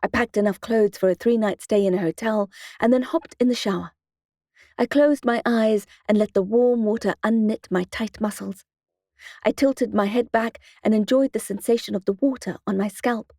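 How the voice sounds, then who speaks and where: A woman narrating a first-person audiobook in a steady, expressive storytelling manner into a close studio mic. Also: medium pitch, moderate pace, dry recording.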